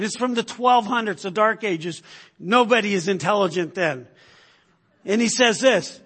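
A man's voice: high-pitched, unhurried, fairly bright tone, husky. A man preaching a sermon in an emphatic, conversational way, often checking in with the listeners. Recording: long hall reverb.

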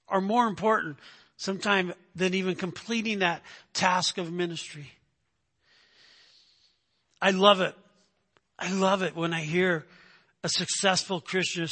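A man's voice: high voice, pushed and bright. A man preaching a sermon, emphatic and repeating "right?" to his listeners. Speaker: pastor.

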